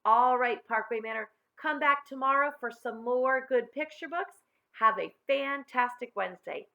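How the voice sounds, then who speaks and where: A woman reading a picture book aloud to children in an expressive, friendly way. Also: high-pitched, normal speed, vocal fry. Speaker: storybook reader.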